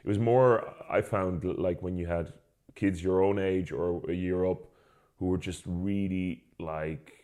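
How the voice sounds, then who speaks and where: A man's voice: sits low, steady tone, measured pace, warm tone. A man co-hosting a podcast, chatting casually and telling stories loosely, laughing along. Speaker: podcast co-host. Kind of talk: casual chat.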